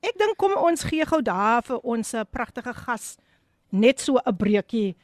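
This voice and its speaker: A South African woman hosting a live show, reading out listener greetings in a lively voice that switches between English and Afrikaans. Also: a little high, measured pace, no echo, clean studio sound. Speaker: host.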